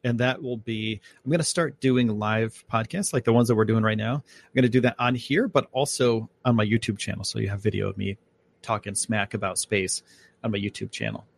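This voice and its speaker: This upstate New Yorker hosts a live podcast, rambling casually about space and his plans into a home microphone with a little hiss or hum. His voice is on the low side, steady in tone, fairly quick, with vocal fry.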